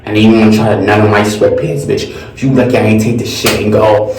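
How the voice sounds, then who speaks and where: A young man telling a crude, animated storytime in a vlog, with shrill mocking quotes. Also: fast, background noise. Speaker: vlogger. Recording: echoey room, far from mic, faint music.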